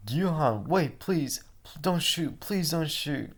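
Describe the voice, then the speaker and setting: Terrified pleading captive, strained and high, voiced by a male reader. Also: animated, slow, exaggerated voice. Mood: begging. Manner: pleading, desperate. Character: terrified young male hostage begging for life.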